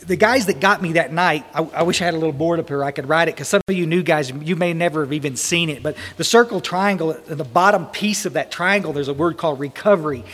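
A man's voice: fairly high pitch, quick pace, hardly any pauses, fairly bright tone. A man giving a storytelling talk to a men's group at a recovery retreat, folksy and blunt with many restarts and mild swearing. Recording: long hall reverb.

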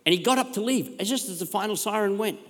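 An Australian man preaching a sermon as pastor, with energetic, exclamatory delivery and repeated calls to the congregation. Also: sits high, fast. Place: large church hall. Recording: long hall reverb.

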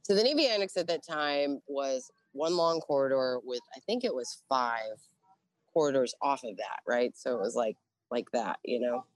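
A middle-aged woman, a Navy veteran, telling her story in a casual, profane, animated way and acting out the dialogue. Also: extremely low pitch, normal speed, dry recording. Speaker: interview guest, Navy veteran.

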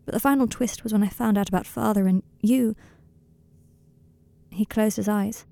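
A woman narrating a fan fiction story in a slow, quiet, intimate reading. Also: medium pitch, dry recording.

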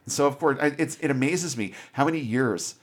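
A man giving a casual, animated movie recap as a podcast host, with free swearing. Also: mid-range voice, a little fast, husky. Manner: animated storyteller, swears freely.

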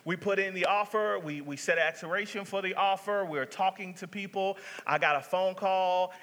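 A man's voice: sits high, moderate pace, fairly bright tone. A male pastor telling a story in a sermon, talking conversationally with many restarts. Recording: reverberant sanctuary sound.

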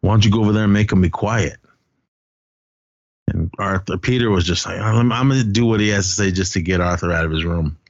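A man hosting a podcast, casually recapping a film in animated storytelling and acting out the characters' lines. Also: low-pitched, brisk, no room sound, dull audio. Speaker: podcast host.

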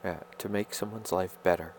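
A man talks straight to his viewers, his low-pitched voice holding a steady tone as he rambles through a personal monologue, stammering and stopping to find words. The recording carries a little hiss or hum.

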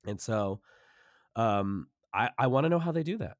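A man's voice: mid-range voice, normal speed, no echo, clean studio sound. A man in his forties, a puppeteer, telling a story in casual chat and acting out the voices of others. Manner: animated storyteller who acts out voices. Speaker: puppeteer and voice narrator.

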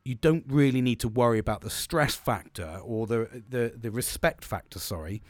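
A man's voice: mid-range voice, moderate pace, dry recording. A man in his forties telling a candid personal story, blunt and sweary, rambling with restarts.

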